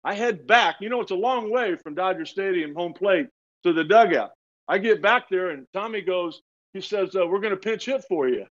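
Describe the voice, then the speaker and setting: A man in his sixties spins animated anecdotes in a slightly raised voice, laughing often and stumbling over his words as he restarts. The sound is dull and lo-fi. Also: high voice, normal speed. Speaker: retired pitcher, guest. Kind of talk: storytelling in casual interview.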